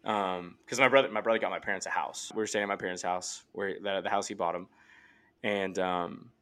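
A man's voice: deep voice, steady tone, fairly quick, fairly bright tone, clear, resonant tone. A man in his late twenties, a podcast guest telling a personal story in a rambling, earnest way full of "like" fillers. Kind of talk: casual storytelling. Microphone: remote call microphone.

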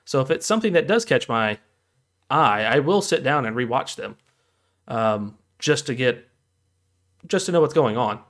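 A man's voice: mid-range voice, expressive, normal speed, pauses often, fairly bright tone. Hesitant man on a casual podcast. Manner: hesitant, with frequent ums and self-corrections. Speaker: podcast co-host. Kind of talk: casual chat.

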